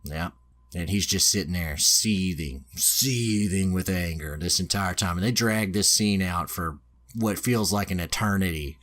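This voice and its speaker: Deep-voiced male podcast host, casual and profane, recapping a story offhand. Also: unhurried, fairly bright tone, a little hiss or hum. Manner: loose, swearing, lots of filler. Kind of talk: casual chat, retelling an anime plot.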